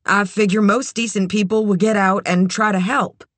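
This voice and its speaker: Nervous eager young woman, put on by a narrator, higher voice, quick, hesitant, dry close recording. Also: fairly even intonation, dry recording, close to an everyday voice. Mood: determined.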